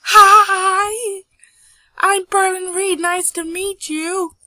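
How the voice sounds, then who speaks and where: Nervous jumpy boy voiced by a woman, squeaky and high, shrill yelps. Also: steady tone, extremely slow, pushed and bright, no echo, full character voice. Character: Perlin, a shy awkward boy, easily frightened.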